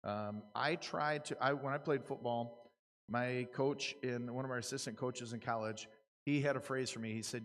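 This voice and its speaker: An American man speaks to a room of auctioneers in an easy, conversational way. His voice sits at an ordinary pitch, and he often stops and restarts a thought before pushing on. The sound carries a long reverb, like a large hall. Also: normal speed. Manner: casual, repeats and restarts, earnest. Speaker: auctioneer giving a seminar talk. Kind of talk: conversational lecture to a live audience. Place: conference room.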